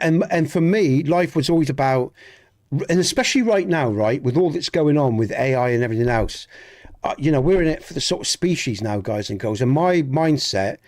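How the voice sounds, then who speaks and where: A man's voice: mid-range voice, a little mellow. An English man with a Dorset accent chatting earnestly and ramblingly with viewers during a game livestream, often restarting and swearing mildly. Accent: Dorset, Southwest English. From England. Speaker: streamer. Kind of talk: casual livestream chat with viewers.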